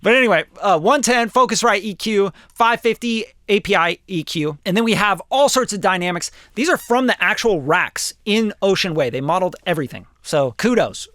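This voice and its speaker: A man's voice: high-pitched, expressive, normal speed, few pauses, sharp tone, no room sound. A man, a music producer, giving a casual plugin tutorial in an enthusiastic, joking, slangy way. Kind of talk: casual screen-recorded tutorial.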